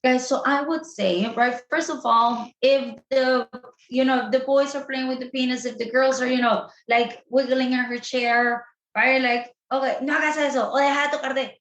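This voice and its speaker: A woman sex therapist giving animated advice as an interview guest, often addressing listeners directly and dropping in Spanish phrases. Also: sits high, measured pace, highs cut off. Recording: echoey room.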